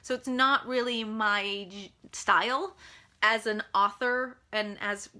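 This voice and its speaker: Bright-voiced chatty American woman. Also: medium pitch, fairly even intonation, takes it slowly. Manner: chatty, frank and self-deprecating, with frequent fillers. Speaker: author answering reader questions. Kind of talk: casual live Q&A chat. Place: at home in California.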